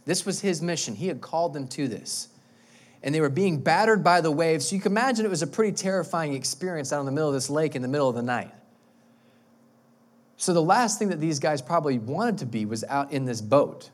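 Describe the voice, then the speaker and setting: A male pastor with a slightly high voice preaches an animated sermon. He speaks with emphasis and often doubles his words. His pitch swings widely. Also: a little fast.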